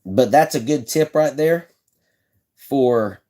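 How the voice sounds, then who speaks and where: A man's voice: medium pitch, slow, mellow. A man hosting a live stream, casually showing how he builds fishing rods. He talks in a folksy, chatty way, repeats himself, and answers viewers in the chat. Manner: laid-back, folksy phrasing.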